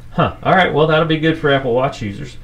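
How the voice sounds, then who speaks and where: A man's voice: a little high, moderate pace, a bit bright. A man co-hosting a podcast in casual, joking chat, easily amused. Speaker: podcast co-host.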